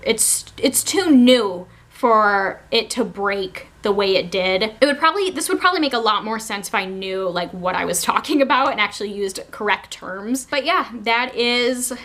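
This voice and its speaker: A woman's voice: mid-range voice, bright, forceful tone. A young woman vlogger telling a casual storytime, chatty and giggly, with a lot of "like" fillers.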